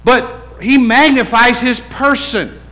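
A man preaching a sermon as pastor in his church, conversational, swinging from loud emphatic lines to hushed, low ones. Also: slow, low-quality recording.

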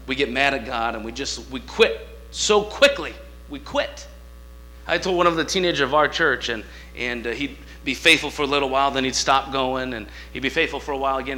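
A man preaching a sermon with passion, swinging between shouting and hushed asides, acting out dialogue in different voices. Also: mid-range voice. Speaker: guest preacher. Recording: mains hum behind the voice.

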